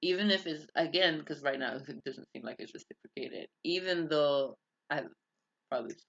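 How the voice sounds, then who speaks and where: Casual vlog monologue, rambling and tangential, with a raspy fry and a dull lo-fi sound. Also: medium pitch, normal speed, fairly bright tone. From United States. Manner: rambling, tangential, self-interrupting. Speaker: vlogger. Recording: dull lo-fi recording.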